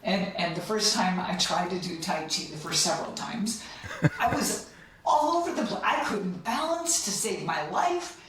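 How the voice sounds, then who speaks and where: A middle-aged woman chatting as a guest, eager and quick to laugh, with sentences that drift off. Her voice sits far from the mic in a very echoey room. A faint hiss runs underneath. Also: mid-range voice, big pitch swings, a bit bright. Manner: enthusiastic, laughs often, trails off mid-sentence. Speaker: podcast guest. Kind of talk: casual chat.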